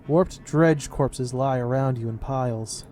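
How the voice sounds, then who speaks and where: A man's voice: mid-range voice, a little slow, mellow, a little hiss or hum. A man reading game text aloud in a casual playthrough, reading steadily and breaking off into casual comments. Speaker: game player and narrator.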